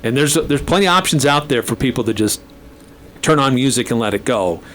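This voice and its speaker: A man's voice: mid-range voice, animated, a little fast, a bit bright, slight background noise. A man on a talk radio program, chatting casually and laughing at himself now and then. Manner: chatty, self-deprecating, laughs often. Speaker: radio station manager guest. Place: radio studio.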